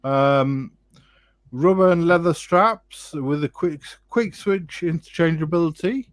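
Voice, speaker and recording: Slow-talking male watch show host. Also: on the high side, dry recording. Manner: relaxed, jokey, thinks aloud with fillers. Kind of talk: casual live chat.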